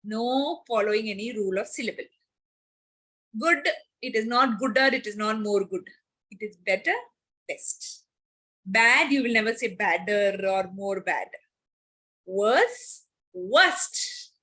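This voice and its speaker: A woman teacher, teaching a grammar lesson to children online. She repeats key words and slows down on examples. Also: medium pitch, pushed and bright.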